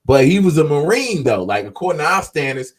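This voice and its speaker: A man's voice: a little high, sing-song, brisk. A man hosting a casual podcast, talking in a laid-back, slangy way and answering people in the comments. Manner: closes with an upbeat pep talk. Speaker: podcast host. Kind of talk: casual talk to viewers.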